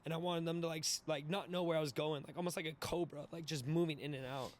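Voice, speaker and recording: A young man in his twenties, a podcast guest telling a wild story in an animated, profane way, laughing and acting out the voices. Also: fairly high pitch, fast talker. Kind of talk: casual storytelling.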